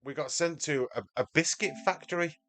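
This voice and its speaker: Over music, a man with a Mancunian accent talks briskly through his live sim-racing stream, addressing viewers by name. His voice is a little high.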